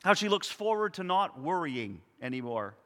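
A man in his sixties preaching a sermon, telling personal stories in an earnest, reflective way with soft pauses. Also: on the high side, sing-song, long reverb tail. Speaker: pastor.

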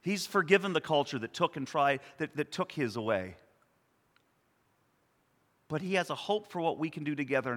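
A man in his sixties preaching a sermon, telling personal stories in an earnest, reflective way with soft pauses. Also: fairly high pitch, in a large hall. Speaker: pastor.

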